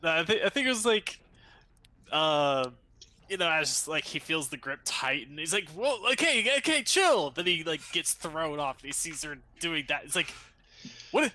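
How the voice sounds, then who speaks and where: A man's voice: on the high side, moderate pace, pushed and bright. A man playing in a tabletop role-playing game, casually and playfully recounting his character's reactions. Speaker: player.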